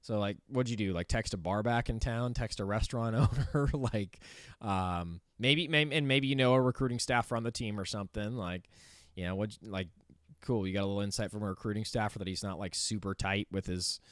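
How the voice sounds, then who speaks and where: A man's voice: lowish voice, a little fast, smooth, dry recording, clean studio sound. Opinionated young man riffing on sports. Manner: rambling, heavy use of "like", opinionated. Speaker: sports commentary host. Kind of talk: casual sports commentary monologue.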